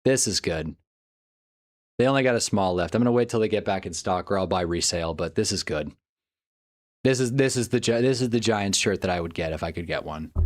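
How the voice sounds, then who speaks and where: A man live streaming, chatting casually and rambling as he reacts to things on screen and talks to his chat, often laughing. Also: on the low side. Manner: talks to chat while browsing online.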